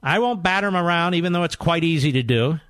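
A man's voice: fairly high pitch, fast talker, fairly bright tone, no room sound, clean studio sound. A middle-aged man hosting a political talk radio show in a mocking, combative monologue.

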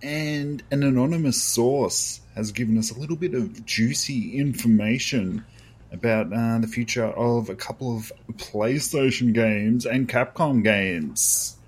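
A man's voice: mid-range voice, measured pace, husky. Aussie guy co-hosting a podcast, easygoing, lots of ums and likes. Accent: Australian. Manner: laid-back, rambling with fillers. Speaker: podcast co-host. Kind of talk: casual chat.

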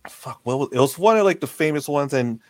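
A young American man, a podcast co-host, telling lively stories in casual chat, swearing often and acting out the people he quotes. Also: fairly high pitch, quick pace, no echo. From United States. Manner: animated storyteller, swears often, acts out quotes.

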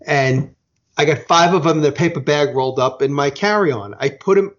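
A man's voice: fairly high pitch, normal speed. Rambling American man telling a story. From United States. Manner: rambling, self-correcting, profane. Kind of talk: casual storytelling. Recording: dull lo-fi sound.

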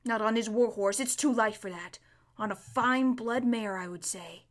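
A proud talking warhorse from a storybook, as a woman reads him, gruff yet fretful. He drops into urgent hushes and sits a little high for a stallion. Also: moderate pace, lightly acted. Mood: wary.

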